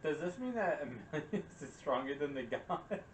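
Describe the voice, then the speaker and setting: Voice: mid-range voice, lively intonation, moderate pace, slight background noise. A young adult in casual chat, tossing in slangy jokes and questions. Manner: joking, slangy interjections. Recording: roomy room, distant mic.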